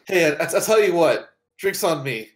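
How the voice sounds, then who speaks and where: A man's voice: on the high side, animated, normal speed, voice pushed up, lightly acted. A man voicing a friendly young female halfling barmaid who stammers eagerly.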